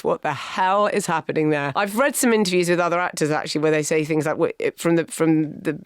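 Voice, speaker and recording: Wry woman, smooth voice. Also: sits low, no echo, studio quality. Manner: opinionated and wry, laughs between points. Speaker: podcast co-host. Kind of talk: casual chat.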